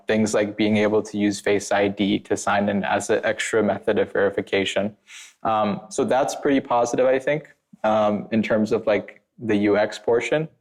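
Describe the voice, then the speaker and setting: A former penetration tester appears as a podcast guest, speaking in a lowish, slightly mellow voice. He rambles casually, packing his talk with filler words and blunt, emphatic warnings.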